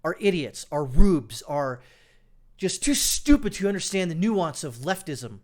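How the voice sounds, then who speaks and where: A man's voice: a little high, big pitch swings, measured pace. Sarcastic man hosting political commentary. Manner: sarcastic, scornful, thinks aloud with fillers. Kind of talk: political commentary reacting to clips and news.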